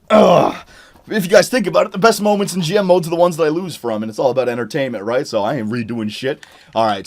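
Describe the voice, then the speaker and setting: A young man commentating on his own hockey video game, swinging between loud excited shouts and low muttered talk, his voice worn out. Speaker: gaming YouTuber.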